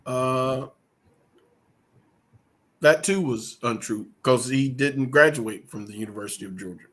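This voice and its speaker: A man co-hosting a podcast in casual chat, recounting things in a measured, matter-of-fact way. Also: mid-range voice, a bit bright. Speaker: podcast co-host.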